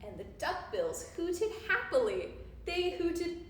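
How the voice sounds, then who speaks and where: A woman reads a rhyming picture book aloud for children in a sing-song voice. She speaks slowly with a high, light tone, and the roomy space gives her words an echoing tail over a faint hum. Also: expressive. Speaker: storyteller. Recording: roomy echo, faint background noise.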